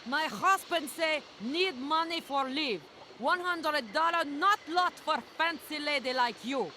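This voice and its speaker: A woman's voice: high-pitched, animated, measured pace, pushed and bright, a little hiss or hum, full character voice. An actress voicing a haggling barge-owner woman in a video game, speaking blunt, broken English with a Russian accent. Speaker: game character.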